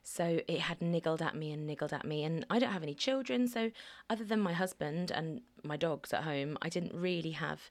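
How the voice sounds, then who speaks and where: A woman's voice: low-pitched, animated, a little fast, hardly any pauses. A woman in her thirties from the Channel Islands, chatting as a guest in a casual conversation and telling her story with self-mocking humour. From Alderney, Channel Islands. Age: 30s. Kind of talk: casual podcast chat.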